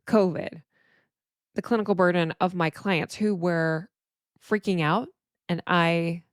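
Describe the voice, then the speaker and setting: This is a middle-aged woman therapist talking alone on her podcast in a reflective monologue, open and emotional, with many restarts. She speaks at a fairly low pitch, captured in dry, clean studio sound.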